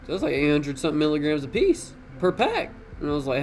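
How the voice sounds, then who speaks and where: A young man tells a story in a casual, slangy way and swears freely. His voice is gravelly and sits a little high. He is animated and talks like he is chatting with friends. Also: quick pace, few pauses, faint music behind.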